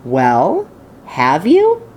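A woman voicing an old grandfather telling secrets in an audiobook reading, speaking low, hushed and confiding. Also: wildly swooping pitch, extremely slow, slightly rough, full character voice.

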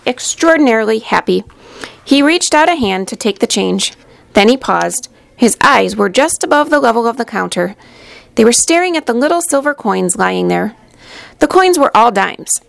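A woman reading a children's storybook aloud in a gentle, expressive way, with a slightly gravelly voice. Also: a little high, no room sound. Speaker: narrator.

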